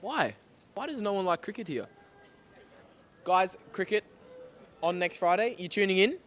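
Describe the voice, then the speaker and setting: A man's voice: high-pitched, lively intonation, normal speed, fairly bright tone. Upbeat man doing street interviews. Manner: upbeat, teasing questions. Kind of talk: vox pop street interviews. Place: outdoors on a city street.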